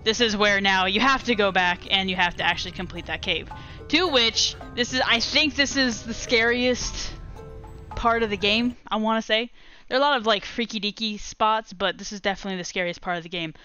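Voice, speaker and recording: A young woman giving casual commentary while she streams a game, animated and quick to laugh. Her voice is bright and forceful, with faint music underneath. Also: medium pitch. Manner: animated, laughs often, chats with viewers.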